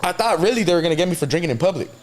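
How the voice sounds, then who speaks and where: Sitting high and sounding animated, the voice comes out rapid-fire. A slangy guest from San Diego spins a casual story during an interview, swearing frequently and acting out what people said.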